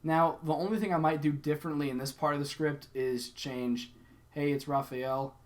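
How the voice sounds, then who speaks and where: A man's voice: on the high side, a little fast. A young adult man giving a casual, conversational sales lesson, acting out sample phone lines as he explains them. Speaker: sales coach. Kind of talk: casual instructional talk.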